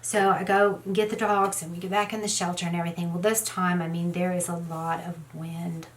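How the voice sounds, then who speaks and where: A middle-aged woman chats as she does her makeup for the camera, full of fillers and side-tracks. Her voice sits on the low side. A faint hiss runs under the recording. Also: level tone, fairly quick. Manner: rambling, lots of "you know" fillers. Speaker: beauty vlogger. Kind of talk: casual storytelling while doing makeup.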